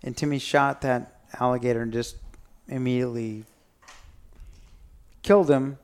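A man chatting on a family podcast, easygoing as he tells the story. His voice sits at an ordinary middle pitch, and he keeps things casual and amused. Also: steady tone, moderate pace, a little mellow, clear, resonant tone. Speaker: podcast host, father.

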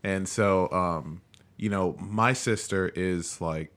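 A man's voice: low voice, slow, fairly bright tone. A man in his thirties hosting a podcast, chatting casually and loosely with frequent filler phrases. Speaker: podcast host. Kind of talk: casual chat.

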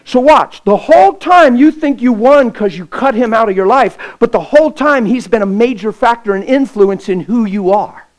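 High-voiced impassioned preacher man. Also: lively intonation, moderate pace, few pauses, poor audio. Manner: impassioned, swings from loud to hushed; folksy, plain-spoken. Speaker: pastor. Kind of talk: sermon with storytelling.

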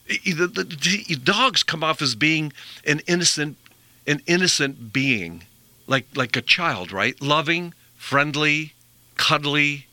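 Bright-voiced male radio host, dry studio sound. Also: on the high side, lively intonation, slow pace, no echo. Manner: rambling, earnest, repeats himself. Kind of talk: conversational health talk.

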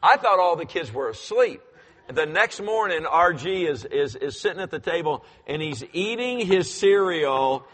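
A man's voice: fairly high pitch, normal speed. Pastor in his fifties, reverberant hall. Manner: animated, acts out voices, climbs loud when excited. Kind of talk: storytelling in a sermon. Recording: long church hall reverb.

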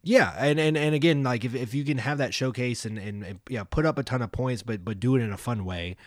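A man's voice: mid-range voice, brisk, no room sound, studio quality. A man co-hosting a casual sports podcast, rambling with many fillers and restarts. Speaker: podcast co-host.

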